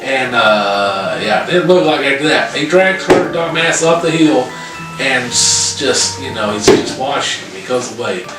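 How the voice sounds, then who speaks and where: A man casually recapping a horror film's plot, profane and animated, with lots of fillers. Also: medium pitch, a little slow. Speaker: podcast co-host reviewing a horror film. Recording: very echoey room, far from mic, music behind.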